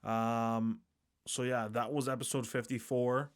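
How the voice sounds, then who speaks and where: A man co-hosting a casual podcast, emphatic and quick, often restarting his phrases. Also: mid-range voice, little pitch movement, smooth. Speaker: podcast co-host.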